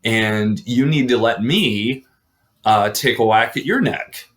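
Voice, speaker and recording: A man's voice: on the low side, takes it slowly, a bit bright. A man voicing a mocking giant green knight, keeping his own loose, chatty delivery. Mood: challenging. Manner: taunting, loose and conversational.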